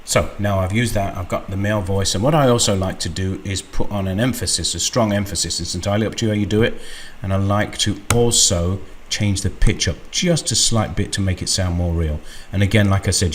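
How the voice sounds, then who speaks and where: A man hosting a screen-recorded software walkthrough, unhurried and thinking aloud with frequent ums. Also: sits low, steady tone, slight background noise. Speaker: tutorial host.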